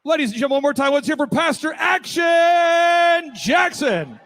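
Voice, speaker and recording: A man's voice: very high-pitched, lively intonation, moderate pace, a bit bright, raised voice. A male event emcee introducing speakers from the stage and hyping the crowd. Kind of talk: stage announcing.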